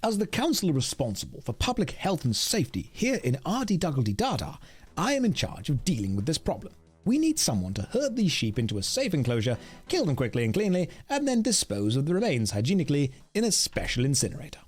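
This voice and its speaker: A man's voice: a little high, wildly swooping pitch, a little fast, a little mellow, husky, faint music behind, pitched above the performer's own voice, exaggerated voice. A male streamer voicing a self-important town councillor in a game, in a formal, pompous manner. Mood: officious.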